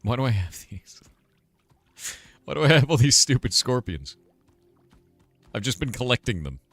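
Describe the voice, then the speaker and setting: A man's voice: medium pitch, big pitch swings, normal speed, fairly bright tone, dry recording. A man streaming a game, giving casual commentary and playfully teasing chat with silly mispronunciations. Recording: faint music behind.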